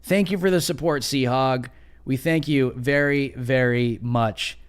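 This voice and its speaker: A man's voice: unhurried, clean tone. A young adult man hosting a casual opinion livestream, sarcastic and mocking, who talks loosely with many fillers. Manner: sarcastic, mocking, mimics others in high voices. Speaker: livestream host.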